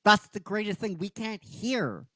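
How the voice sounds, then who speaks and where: A man's voice: high voice, measured pace, no echo. A man hosting a show, retelling an episode with energy, often restarting and stressing his words. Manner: animated, with restarts and emphatic stresses. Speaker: host.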